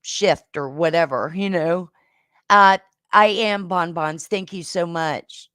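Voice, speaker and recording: A woman hosting a livestream game show, chatting casually with viewers and giving rambling, affectionate shout-outs with lots of fillers. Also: fairly low pitch, takes it slowly, clear, resonant tone, no room sound, studio quality.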